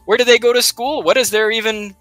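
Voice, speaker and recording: A man's voice: very high-pitched, steady tone, a little fast, fairly bright tone, no room sound, soft background music. A man co-hosting a live library research show, talking casually and animatedly, throwing rhetorical questions and jokes at the audience. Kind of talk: casual live instructional chat.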